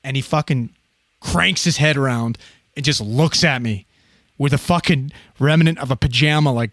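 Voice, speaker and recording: A man in his thirties telling a story on a podcast in a casual, profane, animated way, often laughing. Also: mid-range voice, moderate pace, no echo, clean studio sound.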